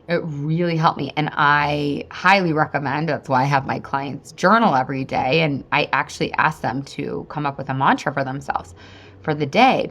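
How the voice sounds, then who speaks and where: A woman in her thirties hosting a podcast, telling a story in a chatty, animated way and often talking straight to her listeners. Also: low-pitched, slight background noise. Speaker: podcast host and weight-loss coach. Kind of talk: casual storytelling monologue.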